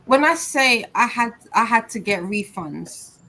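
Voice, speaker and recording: A woman's voice: on the high side, animated, unhurried, noisy background. A woman chatting casually about audiobooks on a book club livestream, rambling and searching for words. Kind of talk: casual chat.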